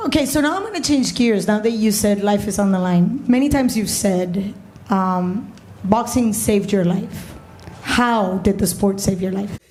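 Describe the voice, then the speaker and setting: A woman's voice: medium pitch, a little slow, a little hiss or hum. A woman interviewer asking questions in an upbeat, playful way. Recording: clip with loud crowd behind.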